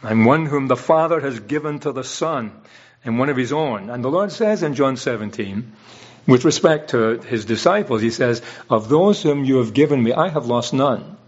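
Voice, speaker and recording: A man's voice: mid-range voice, expressive, normal speed, breathy edge, muffled recording. A man preaching a sermon in an earnest, explanatory way, often restarting his phrases. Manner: earnest, illustrative, with frequent restarts.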